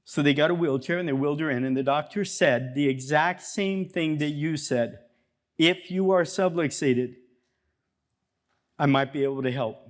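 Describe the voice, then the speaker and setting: Energetic man giving a seminar talk. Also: on the high side, moderate pace. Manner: energetic, conversational, acts out dialogue. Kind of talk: seminar talk to a live audience. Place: seminar room before an audience.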